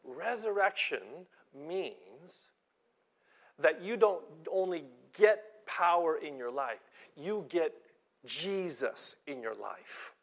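Slow, high-voiced male preacher. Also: lively intonation, a bit bright. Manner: earnest, acts out quoted voices, repeats words. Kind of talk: sermon.

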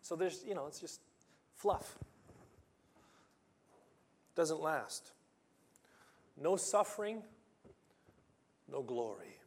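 Slow, impassioned preacher man. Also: a little high, slightly rough. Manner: impassioned, rising to loud emphatic reading of scripture; restarts and stumbles when excited. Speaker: pastor. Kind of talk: sermon.

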